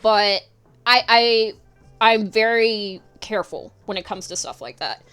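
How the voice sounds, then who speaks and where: Woman streamer, casual rambling commentary, bright crisp voice, unhurried, faint music behind. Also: mid-range voice. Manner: rambling, giggly, swears freely. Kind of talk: casual livestream commentary while drawing.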